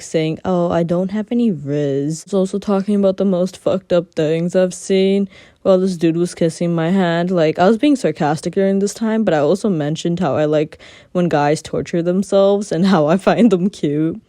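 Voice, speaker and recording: A young woman with a low, mellow voice tells a personal story in a sarcastic, casual way and swears freely. Faint music plays underneath her talk. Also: dry recording, studio quality. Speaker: vlogger.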